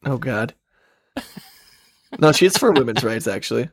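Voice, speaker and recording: A man's voice: medium pitch, lively intonation, a little slow, husky, no echo, studio quality. A man co-hosting a casual political talk show, sarcastic and joking, laughing often. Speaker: podcast co-host.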